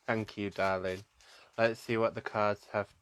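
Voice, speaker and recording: A man, a psychic medium, gives a live-streamed tarot reading, speaking softly and affectionately to his viewers and calling them "my darling". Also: on the low side, flat delivery, a little slow, smooth. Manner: gently emotional, soft-spoken.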